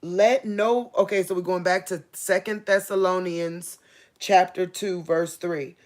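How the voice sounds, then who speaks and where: A woman reading Bible verses aloud with solemn emphasis, pausing to talk casually and excitedly to her viewers. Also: fairly low pitch. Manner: reads scripture slowly and solemnly, breaking off to talk to viewers. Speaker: religious video host. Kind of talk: informal Bible reading and commentary.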